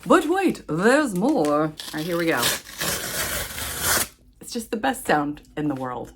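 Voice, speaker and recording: A woman book vlogger chatting casually about her reading, giggling and gushing with excitement, often squealing. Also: medium pitch, normal speed. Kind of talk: casual vlog chat.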